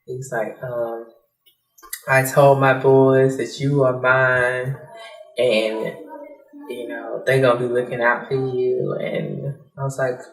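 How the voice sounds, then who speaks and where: Soft hesitant woman, roomy distant sound. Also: a bass voice, little pitch movement, slow, faint music behind. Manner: soft, hesitant storytelling with many fillers; acts out quoted dialogue. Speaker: interviewee. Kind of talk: personal testimony.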